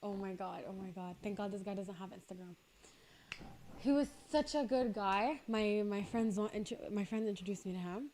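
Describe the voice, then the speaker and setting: A young woman on a podcast, chatting casually and telling an animated story while laughing at herself. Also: mid-range voice, normal speed, slight background noise. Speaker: podcast guest. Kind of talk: casual chat.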